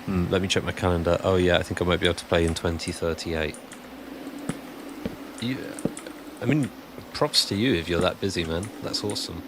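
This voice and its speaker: A man's voice: deep voice, a little fast, long pauses, background noise. A man chatting casually and rambling on a live stream while he builds, answering chat as he goes.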